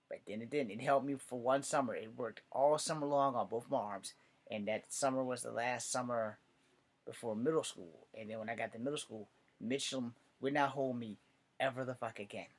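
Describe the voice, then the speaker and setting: A man's voice: medium pitch, husky. A man from the United States spinning loose, profane stand-up stories. He rambles from one tangent to the next and laughs at his own punchlines, in an easy amateur delivery. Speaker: amateur comedian.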